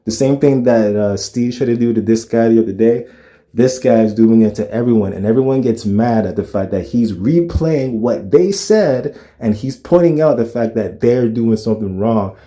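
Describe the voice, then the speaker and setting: A man's voice: medium pitch, dark tone. A man reacting to a clip with casual commentary, earnest and lecturing, often asking rhetorical questions.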